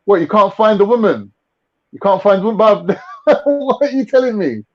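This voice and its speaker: Hosting a laid-back livestream, this young man from London speaks at a moderate pace in a high voice with lively intonation. He fills the chat with slangy, mocking banter over lo-fi stream audio.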